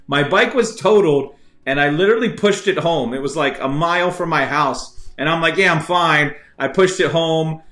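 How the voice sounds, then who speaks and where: A man's voice: on the high side, normal speed, a bit bright. Chatty male trivia show host. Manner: rambling and chatty, many fillers and restarts. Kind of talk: live-streamed trivia hosting and casual storytelling. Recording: echoey room with faint music.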